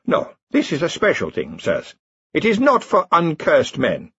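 An excitable old slave inventor, voiced by a man, fussy and eager, his voice pushed high and leaping all over the place. Husky at the edges, it sits in a dry, muffled audiobook recording. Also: measured pace, no echo, exaggerated voice. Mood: puzzled.

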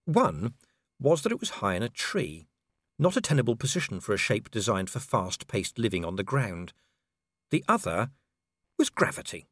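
A man's voice: lowish voice, very animated, moderate pace, fairly bright tone, dry recording, studio quality. A man narrating an audiobook with dramatic storytelling and character voices. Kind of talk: scripted narration.

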